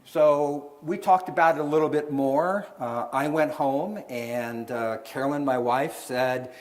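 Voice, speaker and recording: A man's voice: on the high side, measured pace, few pauses. A middle-aged man, an author and seminar speaker, telling a story to a live audience and acting out the voices in it. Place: event hall with an audience.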